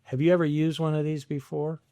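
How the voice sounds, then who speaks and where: A man's voice: on the high side, flat delivery, a little fast, warm tone, no room sound, lightly acted. A man in his seventies voicing a fussy older grandmother who distrusts new gadgets, in a raised, pleading tone. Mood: flustered. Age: 70s.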